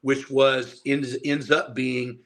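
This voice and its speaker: Man, forties, from Indiana, interview guest, animated storyteller, casual swearing. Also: medium pitch, slow, vocal fry. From Indiana, USA. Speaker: guest, powerlifter and strength coach.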